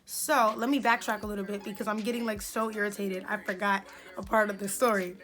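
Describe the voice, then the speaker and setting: A young woman in her twenties, a beauty vlogger telling an indignant, animated story while doing her makeup. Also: medium pitch, fairly quick, a crowd in the background.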